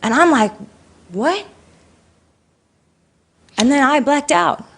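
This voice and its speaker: A woman's voice: high-pitched, fairly quick. A woman giving an interview, candidly recounting a painful personal experience with emotion. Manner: emotional, animated retelling. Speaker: interview guest.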